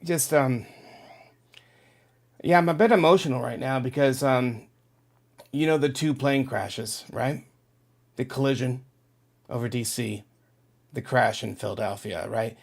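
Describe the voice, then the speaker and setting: A man's voice: mid-range voice, unhurried, vocal fry, pauses often. A middle-aged man hosting a casual livestream, reading out viewer chat and rambling emotionally to his audience. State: on the verge of tears.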